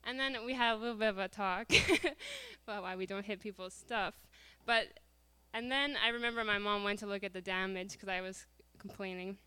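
A woman telling a lively personal story to a church congregation, laughing often as she goes. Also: medium pitch, moderate pace, clear, resonant tone. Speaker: church speaker.

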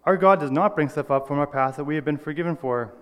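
A man's voice: a little high, fast, a bit bright, big-room sound. A man giving an earnest, personal sermon, reading scripture and correcting small slips as he goes. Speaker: lay preacher.

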